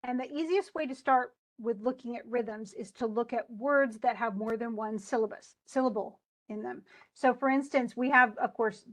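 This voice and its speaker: A woman teaching poetry in a lesson, her voice sitting a little on the high side. She talks with false starts and slows down to stress the syllables she means. Her tone is patient. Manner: thinking aloud with restarts, slowing to stress words. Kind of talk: live tutoring on meter.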